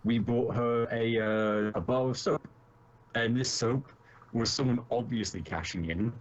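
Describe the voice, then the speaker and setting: A man's voice: mid-range voice, unhurried. A man on a podcast as a guest, chatting casually over a video call, laughing often and adding dry asides. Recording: lo-fi internet call.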